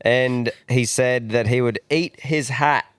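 A man's voice: mid-range voice, fairly even intonation, slow pace, clean tone, no echo. A young Australian man hosting a podcast, chatting in crude, jokey banter and telling stories with animation. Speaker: podcast host. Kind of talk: casual banter.

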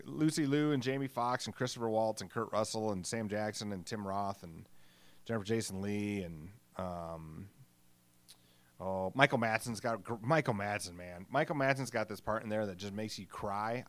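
A man's voice: on the low side, dry recording. Rambling, profane middle-aged man podcasting. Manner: rambling, profane, self-deprecating. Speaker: podcast host. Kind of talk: casual solo podcast monologue.

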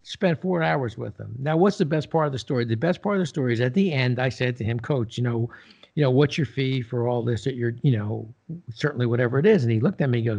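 Older male guest, animated storyteller, mid pitch, lo-fi podcast sound. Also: a little fast, gravelly. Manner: animated storyteller, acts out quoted dialogue. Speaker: podcast guest, business leader. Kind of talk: casual interview storytelling. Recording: slightly dull lo-fi sound.

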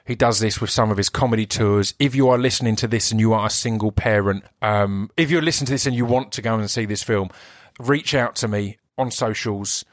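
Excitable Essex man hosting a podcast. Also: fairly low pitch, brisk, dry recording, clean studio sound. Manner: enthusiastic, rambling, self-interrupting. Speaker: podcast host and actor. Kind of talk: solo podcast intro.

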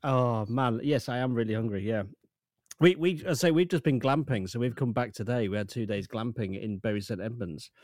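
A man's voice: medium pitch, fairly quick, darkish tone, dry recording, studio quality. A man chatting casually as a podcast co-host, telling stories with self-deprecating asides. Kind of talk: casual chat.

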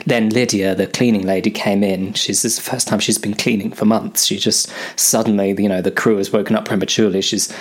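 A man's voice: fairly low pitch, fairly even intonation, fairly quick, hardly any pauses. A man improvising a comic story, rambling and hesitant with lots of ums.

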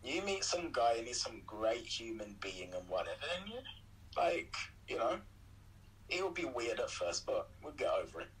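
A young man in a relaxed, rambling chat, talking earnestly and affectionately to the woman beside him. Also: medium pitch, moderate pace, low-quality recording. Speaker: co-host of a video chat. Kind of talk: casual chat.

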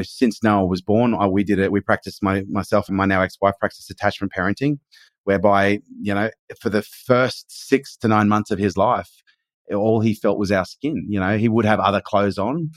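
A man's voice: on the low side, no echo. A man, in his forties, talking earnestly as a podcast guest in casual conversation. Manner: earnest and emphatic, swears casually.

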